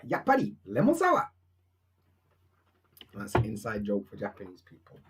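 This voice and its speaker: A young man with a Barnsley Yorkshire accent, chatting casually and self-mockingly at home on a live stream, answering viewers' questions. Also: medium pitch.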